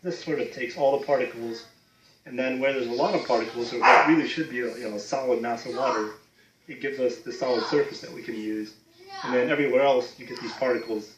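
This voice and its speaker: A man's voice: mid-range voice, fast talker, noisy background. A man, an effects artist, casually explaining a technical process with frequent asides. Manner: casual, filler-heavy, "you know" asides. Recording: roomy echo.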